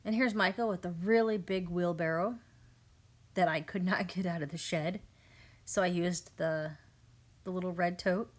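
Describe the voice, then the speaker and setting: Narrating her home garden video, a woman in her thirties who vlogs about her family homestead speaks in a fairly low, steady voice at a moderate pace, with long pauses. Her tone is relaxed, amused, and talkative, and she frequently repeats her family's words.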